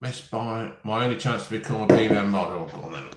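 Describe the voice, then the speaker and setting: A man's voice: fairly low pitch, quick pace, roomy sound, very noisy. A man, chatting casually on a live stream and reading out viewer comments with jokes. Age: 50s. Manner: chatty, jokey, reads viewer comments aloud.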